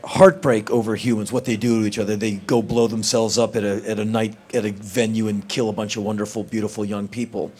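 A man speaking on a film panel, telling stories in an animated, casual way. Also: medium pitch, breathy edge. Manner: animated, acts out quotes. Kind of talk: casual storytelling.

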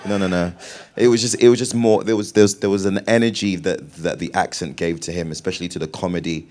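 A man's voice: low voice, steady tone, quick pace, darkish tone, a little hiss or hum. A British man, an actor, answering interview questions on stage in a playful way, laughing and restarting his sentences. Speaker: actor guest.

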